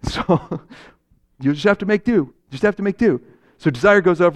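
High-voiced animated preacher. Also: male voice, moderate pace. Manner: animated storyteller, voicing several characters. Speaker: pastor. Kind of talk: sermon with acted-out parable.

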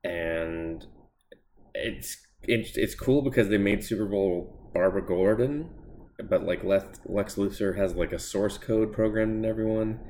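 A man's voice: low-pitched, a little mellow, a little hiss or hum. A man hosting a podcast, casually reviewing comic books in a blunt, sarcastic, sweary way. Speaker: podcast host. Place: home desk.

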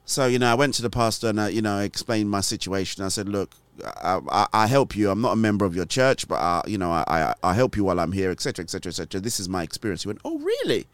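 A man's voice: lowish voice, very fast, hardly any pauses, clean tone, dry recording. A man hosting a casual faith chat, rambling with many restarts and easy laughter. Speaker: host.

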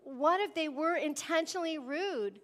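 A woman preaching a sermon, lively and emphatic, often asking the congregation "amen?". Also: sits high, moderate pace. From Wisconsin. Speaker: pastor.

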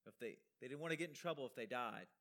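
A man's voice: medium pitch, fast, a bit bright. A man preaching an expository sermon, explaining a Bible passage with emphatic rhetorical questions and conversational asides.

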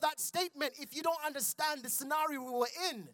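A man's voice: extremely high pitch, fairly quick, few pauses, a bit bright, dry recording, studio quality. A man preaching a sermon in church, building intensity and calling out to his congregation. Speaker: pastor.

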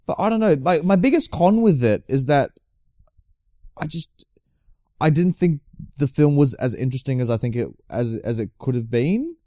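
A man co-hosting a casual film review podcast, quick and animated, saying "like" a lot. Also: fairly high pitch, dry recording, clean studio sound. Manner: quick, animated, heavy use of "like". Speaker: podcast co-host.

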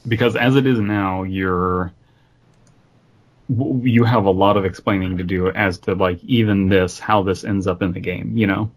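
Male podcast co-host, husky, deadpan critic. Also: low voice, normal speed. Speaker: podcast co-host reading a story. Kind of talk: casual reading and commentary.

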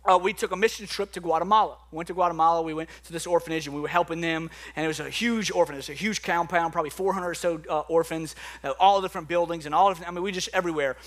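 A man preaching a sermon as a pastor, animated and storytelling, acting out the people in his stories. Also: on the high side, rapid-fire, few pauses. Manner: animated preaching with acted-out dialogue and asides.

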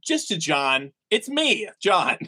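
A man improvising as a player in a tabletop role-play over a call, excitable, playful and rambling. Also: high-pitched, slow pace, no room sound.

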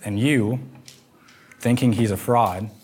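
A man's voice: mid-range voice, takes it slowly, darkish tone, slight background noise. A man preaching a sermon that retells a story vividly in the second person, acting out the quoted lines.

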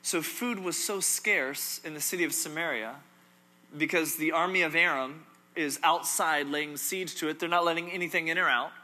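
A male preacher giving a sermon, animated and emphatic, driving points home with repetition and touches of humor. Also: fairly high pitch, normal speed.

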